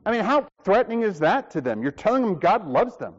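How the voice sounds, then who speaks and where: High-voiced preaching man, lo-fi sound. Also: very animated, a little fast. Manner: emphatic preaching with acted dialogue and rhetorical questions. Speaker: pastor. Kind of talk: sermon.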